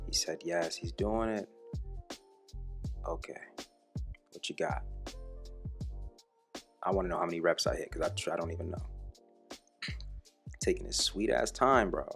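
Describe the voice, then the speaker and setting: A man's voice: deep voice, normal speed, creaky, long pauses, a bit bright, faint music behind. A young man talking casually and profanely over footage of his own workout, joking about himself in the third person. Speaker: fitness vlogger.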